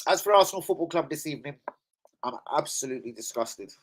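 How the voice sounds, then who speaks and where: An angry man rants on a live stream as a football fan. He swears constantly and swings between loud outbursts and low, disgusted mutters. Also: lively intonation, fast talker.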